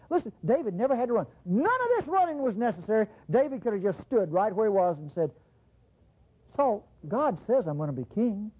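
A preacher in full flow, the voice husky and full of lively swings in pitch. The sermon comes through a thin, tinny recording. The delivery calls out to the room and drops to quiet asides between the peaks. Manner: animated, swinging between low intimate asides and high bursts; addresses the congregation directly with call-outs.

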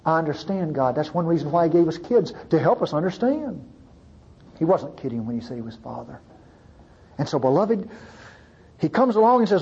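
Animated preacher man, muffled live sermon. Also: on the high side, fairly quick, husky. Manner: animated, pleading, swings from loud to hushed.

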